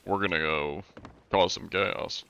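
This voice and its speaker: A man streaming a game live, chatting in a relaxed, rambling way and swearing casually. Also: deep voice, measured pace, creaky, muffled recording, a little hiss or hum. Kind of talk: casual live-stream chat while gaming.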